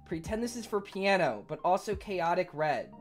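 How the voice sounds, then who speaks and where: A man's voice: sits high, very animated, normal speed. A male streamer chatting casually and rambling while reading chat, swearing offhandedly and laughing easily. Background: faint piano playing.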